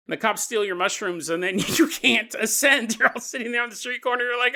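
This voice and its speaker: A man hosting a podcast, talking through a conspiracy theory in an animated, jokey way and acting out quoted voices. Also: extremely high pitch, brisk, few pauses. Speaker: podcast host. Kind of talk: comedic conspiracy podcast monologue.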